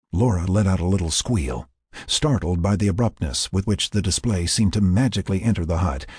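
Deep, husky male storyteller. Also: dry recording, clean studio sound. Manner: expressive, storytelling. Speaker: narrator. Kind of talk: audiobook narration.

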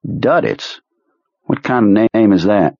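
A male audiobook narrator voicing a hard-bitten commander who talks in a sardonic, mock-tender way, with a husky tone. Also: on the low side, animated, slow pace, darkish tone, no room sound, heavily acted. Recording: muffled lo-fi recording.

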